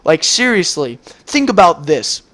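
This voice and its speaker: A teenage boy with a high-pitched voice rants to his camera, indignant and swearing freely. His delivery is heated and incredulous throughout. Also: very animated, a little slow, a bit bright. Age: teens. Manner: indignant, profane, ranting. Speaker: student vlogger. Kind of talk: angry rant to camera.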